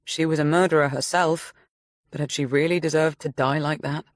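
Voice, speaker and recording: A woman narrating a story audiobook in a measured, steady reading voice. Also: sits low, dry recording, clean studio sound. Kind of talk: scripted narration.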